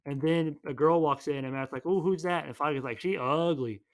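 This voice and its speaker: A man casually retelling a movie plot as a podcast host, rambling and playful, tossing in quick voices for each character. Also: on the high side.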